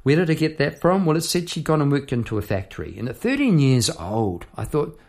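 A man's voice: a little high, big pitch swings, fairly quick, creaky, few pauses, a little mellow. A man, a songwriter hosting an episode, explains his lyrics in a chatty, rambling way with many asides and tag questions. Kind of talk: casual explanation of song lyrics.

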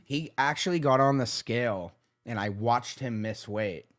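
A man with a Pittsburgh accent telling a story in an animated, casual way on a podcast, often acting out what people said. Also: medium pitch, normal speed. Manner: animated, swears when heated, acts out quotes. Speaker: MMA manager, podcast guest.

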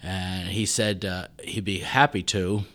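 Low-voiced man telling a story. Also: measured pace. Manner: relaxed storyteller, voices quotes, frequent restarts. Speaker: festival president, guest. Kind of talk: conversational interview storytelling.

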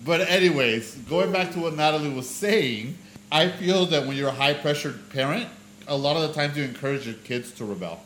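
Animated male storyteller in an echoey room. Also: a little high, brisk. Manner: animated storyteller who acts out quoted voices. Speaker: podcast co-host. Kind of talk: casual chat.

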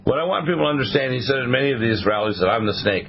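A man's voice: medium pitch, animated, very fast, vocal fry, dull audio. A man hosting a talk radio show, rambling in a sermon-like way and quoting the Bible. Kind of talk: preachy radio monologue.

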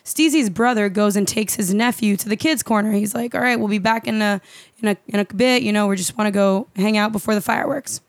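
A young woman co-hosting a podcast, telling a story in an animated, profane, casual way with lots of fillers. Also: mid-range voice, fairly quick, no echo. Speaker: podcast co-host.

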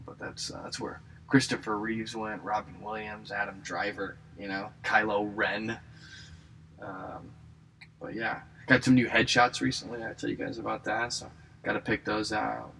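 A man's voice: lowish voice, gravelly, fairly bright tone, slight background noise, rough recording. A young man talking in a rambling, self-deprecating casual monologue, joking and restarting often. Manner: self-deprecating, jokey, lots of fillers and restarts. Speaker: aspiring comedian and actor.

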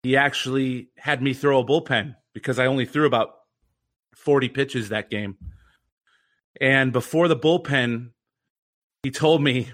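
A man's voice: medium pitch, a little slow, long pauses, fairly bright tone. A young man telling an earnest, reflective story as a podcast guest. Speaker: guest, former pitcher and mental conditioning coach.

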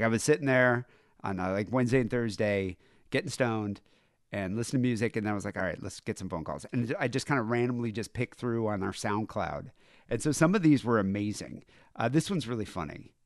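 A man's voice: on the low side, no echo, clean studio sound. A man hosting a podcast, chatting casually in a rambling, laughing, profane way. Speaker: podcast host.

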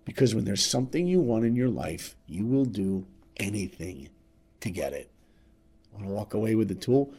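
A middle-aged man from New York with a husky, slightly breathy voice. He tells a motivational story with lots of energy, acting out each voice in it. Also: lowish voice, moderate pace. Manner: animated, acts out voices in his stories.

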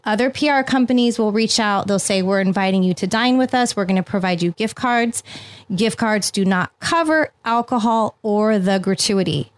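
Woman vlogger, emphatic and heated, mid-pitched, dry close sound. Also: moderate pace, no room sound. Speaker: influencer and vlogger. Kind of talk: casual talk to camera.

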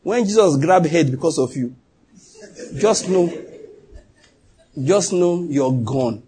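A man's voice: on the high side, lively intonation, slow pace, dark tone, a little hiss or hum. A man preaching a sermon as pastor, emphatic, often throwing questions to the congregation.

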